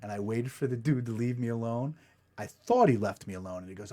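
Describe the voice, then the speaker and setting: A man's voice: mid-range voice, expressive, quick pace, darkish tone. A man hosting a podcast, telling a story in a casual, profane, self-mocking way. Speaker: podcast host. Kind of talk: comedic storytelling.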